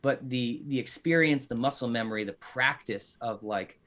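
A man in his thirties, a father and guest author, chatting casually on a podcast and telling stories in a lively, animated way. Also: medium pitch, moderate pace. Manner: animated storyteller.

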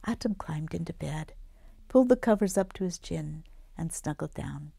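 A woman reading her own children's book aloud, dramatic and dropping into hushed whispers. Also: low-pitched, expressive, moderate pace, gravelly, slightly rough, no room sound, clean studio sound. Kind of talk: storybook read-aloud.

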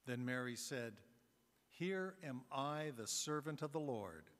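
A man reading a gospel passage aloud as a deacon, measured and formal. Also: medium pitch, lively intonation, a bit bright. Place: large church. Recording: long church reverb.

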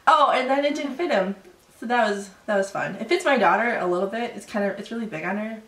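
A woman in her thirties, co-hosting a casual knitting podcast, chatty and quick to laugh, still a little sick. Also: a little high, a bit bright, recorded from a distance. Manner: chatty, laughing, self-deprecating. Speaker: podcast co-host. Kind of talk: casual chat about knitting. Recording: roomy echo, voice a bit off-mic.

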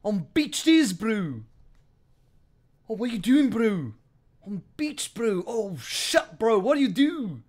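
A man's voice: sits high, sing-song, darkish tone, pitched above the performer's own voice, exaggerated voice. A man imitating a stranded male whale in a New Zealand accent, stretching out every "bro". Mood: whiny panic. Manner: quoting a viral clip, drawn-out "bro".

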